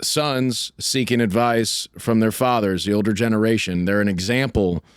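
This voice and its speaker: A man's voice: lowish voice, normal speed, smooth, no echo, studio quality. A man co-hosting a podcast, encouraging and upbeat with his guest. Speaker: podcast co-host. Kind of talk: casual chat.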